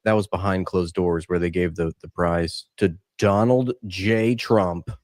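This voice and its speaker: A man's voice: deep voice, steady tone, measured pace, no room sound, studio quality. A man co-hosting an online commentary show, talking in a sarcastic, mocking way. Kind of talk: casual commentary.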